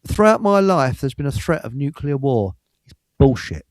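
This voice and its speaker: A man's voice: mid-range voice, very animated, normal speed, darkish tone, no echo. An older man, host of a live stream, telling stories in a rambling, stammering way and chuckling often. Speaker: show host. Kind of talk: casual storytelling on a live stream.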